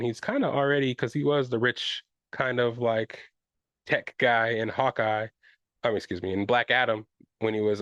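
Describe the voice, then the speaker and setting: This podcast host has a fairly low, slightly bright voice, recorded lo-fi with no echo. On his own show he rambles casually and swears freely, repeatedly asking "you know what I'm saying."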